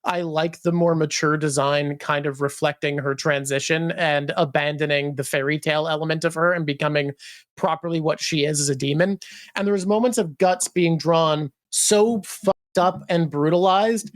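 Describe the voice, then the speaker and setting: A woman host with a somewhat low voice talks through comic art in a thoughtful, analytical way. Her delivery is casual and unhurried. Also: steady tone. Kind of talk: casual chat, comics discussion.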